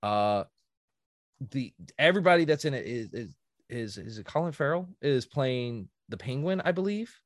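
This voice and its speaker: A man's voice: medium pitch, lively intonation, normal speed, no room sound, studio quality. A man hosting a podcast in casual chat, telling a story animatedly and acting out quotes. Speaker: podcast host.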